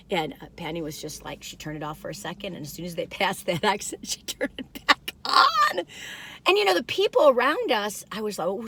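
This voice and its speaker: Bubbly lively woman in her sixties. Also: mid-range voice, breathy edge. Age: 60s. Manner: bubbly and rambling, frequent laughs and asides. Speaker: food reviewer. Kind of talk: casual chatty storytelling.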